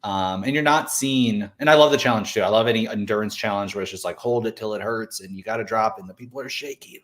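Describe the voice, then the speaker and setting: A man co-hosting a casual talk show, rambling and halting as he talks. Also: on the low side. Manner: rambling, halting, many fillers. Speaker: podcast co-host. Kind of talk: casual chat.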